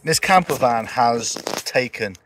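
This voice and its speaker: A man's voice: medium pitch, animated, unhurried, a bit bright, a little hiss or hum. A young man chatting casually to viewers in a travel vlog, rambling and joking. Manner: rambling, jokey, talks to viewers. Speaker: vlogger.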